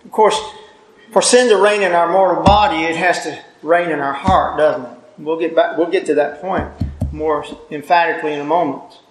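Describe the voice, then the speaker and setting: A man's voice: fairly high pitch, fairly even intonation, moderate pace. A man preaching a sermon in an earnest tone, often repeating words as he presses a point. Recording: echoey room.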